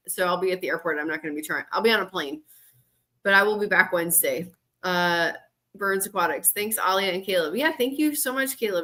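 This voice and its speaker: A woman's voice: mid-range voice, pushed and bright. A woman moderating and co-hosting a casual livestream, chatty and laughing often.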